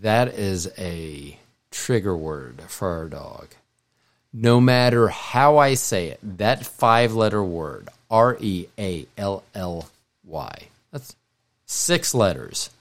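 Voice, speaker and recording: A man's voice: lowish voice, expressive, slow pace. A middle-aged man co-hosting a podcast, talking in a casual, meandering way with frequent restarts and self-corrections. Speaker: podcast co-host. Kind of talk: casual rambling monologue.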